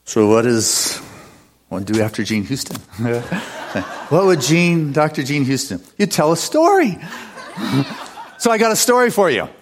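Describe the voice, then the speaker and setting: A man's voice: medium pitch, sing-song, a little slow, long pauses, a little hiss or hum. A man preaching a sermon as pastor, telling a story with laughs and building to an upbeat call.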